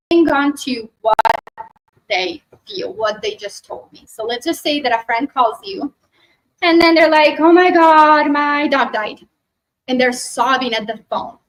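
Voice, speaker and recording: High-voiced woman leading a workshop. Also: low-quality recording. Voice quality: animated, talks to the audience directly with frequent "right?". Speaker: workshop speaker. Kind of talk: live workshop talk and guided meditation. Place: expo hall.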